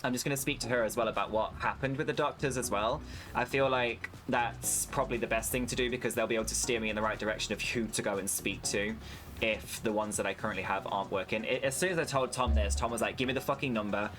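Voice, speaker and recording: A man's voice: lowish voice, steady tone, fast, a bit bright, faint music behind. A British man streaming a farming game, chatting candidly and swearing freely with his viewers while he plays. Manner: candid, sweary, talks to chat while playing. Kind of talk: casual gaming stream chat.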